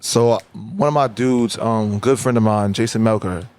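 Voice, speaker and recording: Animated New man telling stories. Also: lowish voice, moderate pace, smooth. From New York. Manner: animated storyteller who acts out dialogue. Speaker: rapper guest. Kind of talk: casual interview storytelling.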